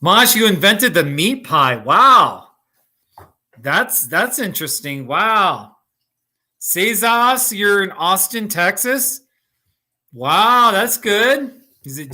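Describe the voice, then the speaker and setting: A middle-aged American man hosts a relaxed live chat, calling out viewers by name and laughing easily. His voice sits fairly high and very bright. He takes his time, talking at an easy, unhurried pace. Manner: chatty, laughs often, talks to viewers by name. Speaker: livestream host. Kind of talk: casual live chat reading comments. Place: Colorado.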